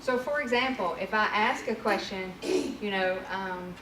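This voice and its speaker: A woman's voice: medium pitch, unhurried. Woman presenting in an echoey room. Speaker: trainer. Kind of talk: workshop presentation. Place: training room. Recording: echoey room from far off with noise.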